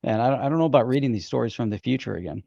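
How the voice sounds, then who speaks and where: A man's voice: mid-range voice, lively intonation, racing, creaky, mellow, no room sound. A man in a playful mood teases his co-host and laughs often through casual banter. His voice comes over a muffled remote line. It sounds dry, with no room in it. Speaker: co-host of a crypto news show.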